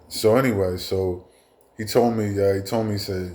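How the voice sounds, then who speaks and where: A man in his fifties, a show host, telling a personal story in a casual, profane way with halting restarts. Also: on the low side, steady tone, warm tone.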